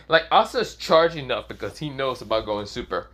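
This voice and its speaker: A man's voice: mid-range voice, animated, brisk, hardly any pauses, bright, forceful tone. A young man casually narrating an improvised fan story, rambling with many fillers and casual swearing.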